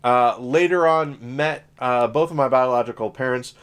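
A man's voice: mid-range voice, moderate pace, clean tone. A man from Southern Illinois co-hosting a podcast in casual chat, rambling with lots of fillers and restarts. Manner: rambling, many fillers and self-corrections. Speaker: podcast co-host.

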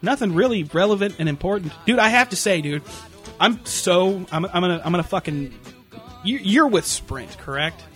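A young man ranting in a casual comedic way, swearing a lot and acting out shouted impressions. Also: sits high, moderate pace, faint music behind. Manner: profane, animated, yells impressions of people.

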